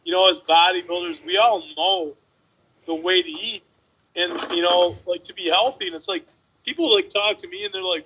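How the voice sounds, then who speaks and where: A man with a high, bright voice rants emphatically in casual podcast chat. As a bodybuilder guest, he drives his points home with mild crudeness. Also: normal speed, breathy edge, dull audio. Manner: emphatic, ranting, mildly crude.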